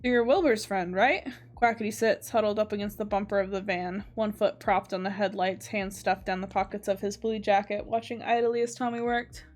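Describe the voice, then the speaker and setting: Woman, streamer, reads fiction aloud, steady delivery, faint music behind. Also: medium pitch, brisk, hardly any pauses. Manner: steady reading, small slips. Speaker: streamer reading fan fiction.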